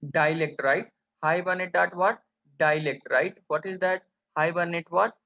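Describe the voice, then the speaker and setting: A man teaches programming over a screen recording, asking "what?" again and again. His voice sits high and sounds bright and sharp. The recording is dull and lo-fi. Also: fairly even intonation, normal speed, gravelly. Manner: keeps asking rhetorical questions, addresses viewers as guys. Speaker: programming instructor. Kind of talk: screen-recorded coding tutorial.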